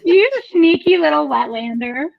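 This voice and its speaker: Woman, excited playful chat, high voice, gravelly fry, video call. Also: normal speed, muffled recording. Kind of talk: casual live-stream chat.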